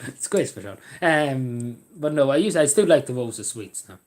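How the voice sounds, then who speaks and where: A man's voice: medium pitch, lively intonation, moderate pace, darkish tone. A man vlogging in a rambling, casual way, swearing freely and drifting between topics. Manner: meandering, swears freely, laughs at own jokes. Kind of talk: rambling casual live chat.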